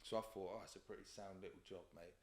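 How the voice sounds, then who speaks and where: A man's voice: deep voice, fairly even intonation, fast, darkish tone. A young man from England, telling work stories as a podcast guest in slangy, sweary casual chat. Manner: storytelling with quoted voices, slangy and sweary.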